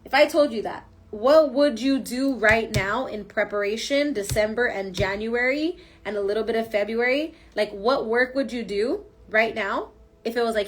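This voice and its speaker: A woman's voice: fairly high pitch, moderate pace, a little hiss or hum. A woman giving a casual spoken tarot reading, emphatic and slangy, coaching her listeners. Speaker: tarot reader.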